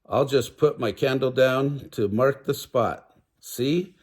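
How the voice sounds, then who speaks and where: A man's voice: medium pitch, slow pace, slightly rough. An older man voicing a tricky little male leprechaun in a storybook, teasing and sing-song. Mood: sly.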